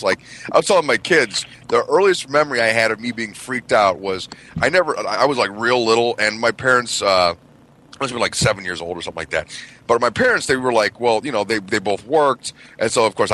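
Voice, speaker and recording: Animated, profane middle-aged male storyteller. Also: medium pitch, fast talker, low-quality recording. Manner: animated, profane, acts out quotes. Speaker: radio show co-host. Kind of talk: casual storytelling chat.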